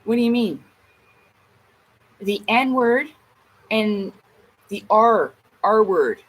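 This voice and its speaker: A woman's voice: medium pitch, animated, slow, slightly rough, poor audio. A woman vlogger in a casual ranting monologue, blunt and emphatic, swearing heavily.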